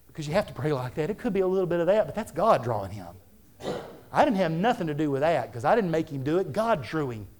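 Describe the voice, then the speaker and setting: Male pastor, thirties, high voice, earnest repeating delivery from the pulpit. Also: very animated, fast talker, darkish tone. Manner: fervent, conversational preaching with repetitions. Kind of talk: sermon.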